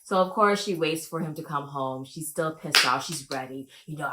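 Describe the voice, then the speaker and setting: A woman vlogger doing casual reaction commentary, gossipy and profane, with sudden animated jumps. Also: normal speed, hardly any pauses, heavy background noise. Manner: animated, with big pitch jumps.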